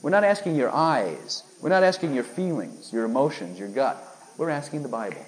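A man's voice: medium pitch, sing-song, moderate pace, rough recording. A man preaching a sermon, emphatic and full of rhetorical questions aimed at his listeners.

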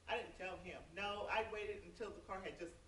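A woman's voice: mid-range voice, steady tone, fairly quick, fairly bright tone, slight background noise. A woman in a church group chatting through a personal story about obedience to God. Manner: chatty, laughing asides. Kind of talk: casual faith testimony. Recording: roomy, distant from the mic.

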